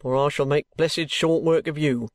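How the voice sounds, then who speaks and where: A man reading an audiobook, voicing a stiff, calm, stubborn police constable who speaks firmly and measuredly. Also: on the high side, no echo, studio quality, lightly acted. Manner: firm, measured, repeating himself. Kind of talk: audiobook character voice.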